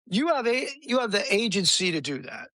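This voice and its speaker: A man with a fairly high voice makes his point earnestly in casual podcast chat. He stumbles and restarts words as he builds the idea. The sound is dry and close to the mic. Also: sing-song, fairly quick, sharp tone, no room sound. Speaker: podcast co-host.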